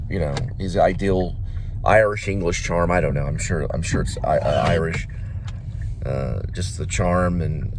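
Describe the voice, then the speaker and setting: Deep-voiced guy vlogging from his car, rambly, lots of stops and restarts, car hum behind. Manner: meandering, hesitant, many restarts. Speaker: vlog host and screenwriter. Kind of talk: casual rambling monologue. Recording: steady car noise behind.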